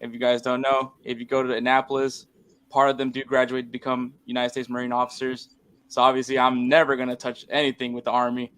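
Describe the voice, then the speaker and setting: A man with a smooth, resonant voice at ordinary pitch joins a casual sports chat. He talks in an earnest, steady way. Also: fast talker. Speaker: podcast panelist.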